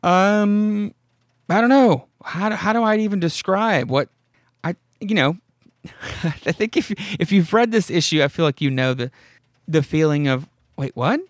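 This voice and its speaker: Dry, slightly high casual male podcaster. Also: lively intonation, a little slow, no room sound. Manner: rambling and profane, reads dialogue aloud with amused asides. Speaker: podcast host. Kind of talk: casual comic-book recap.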